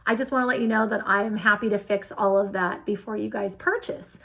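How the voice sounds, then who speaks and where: A woman telling a business story in a casual interview, acting out the quoted dialogue with lively shifts of voice. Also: mid-range voice, brisk, vocal fry, rough recording. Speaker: real estate investor guest.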